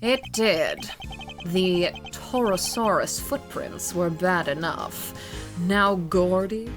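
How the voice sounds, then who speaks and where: A composed, formal male prosecutor read by a woman who speaks slowly and carefully. The pitch rises and falls in lively curves. Game music plays clearly behind. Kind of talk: let's play voice acting.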